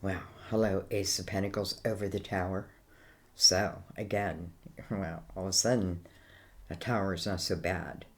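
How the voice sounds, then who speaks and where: Low-voiced Irish woman reading tarot. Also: fairly even intonation, normal speed. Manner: rambling, full of "you know" and "I feel like". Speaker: tarot reader.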